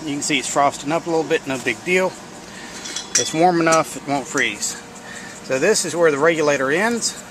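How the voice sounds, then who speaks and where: Man, slightly high voice, blunt and folksy, casual workshop talk, noisy garage recording, air conditioner hum. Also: normal speed. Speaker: home mechanic showing welding work. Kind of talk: casual hands-on workshop commentary.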